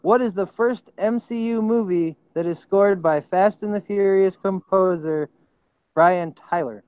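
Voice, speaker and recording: A man hosting a trivia tournament, reading out questions and reacting with excitement to answers. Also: high-pitched, unhurried, smooth, dry recording. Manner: excitable, apologetic about slips. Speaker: quiz host.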